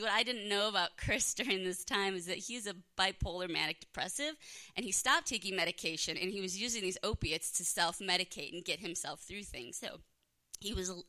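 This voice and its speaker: Bright-voiced woman telling a true story. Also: medium pitch. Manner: candid, self-mocking, laughs through hard moments. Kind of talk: live first-person storytelling. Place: live storytelling event before an audience.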